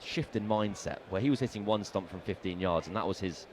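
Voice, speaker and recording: A man's voice: low voice, fairly quick, background noise. A man co-commentating on radio cricket, telling stories in a playful, jokey way and stumbling over names. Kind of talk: casual sports radio chat.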